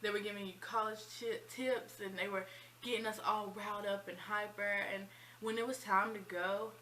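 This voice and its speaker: A woman in her twenties telling a personal story in a chatty, animated vlog style. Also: medium pitch, normal speed, a little hiss or hum, rough recording. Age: 20s. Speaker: vlogger. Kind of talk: casual storytime.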